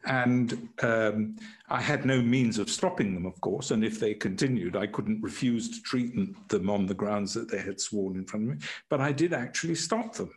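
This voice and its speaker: A man who worked as a prison doctor, telling stories in an interview in a halting way, with many restarts and chuckles at his own anecdotes. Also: on the low side. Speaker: former prison doctor and writer.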